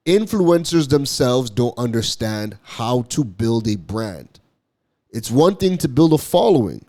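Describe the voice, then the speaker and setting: A man's voice: mid-range voice, a little mellow. Toronto guy doing a marketing vlog, keeps repeating himself, voice jumps up and down a lot. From Toronto, Canada. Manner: emphatic, repeats phrases, frequent "right?". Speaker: marketing content creator. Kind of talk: direct-to-camera commentary.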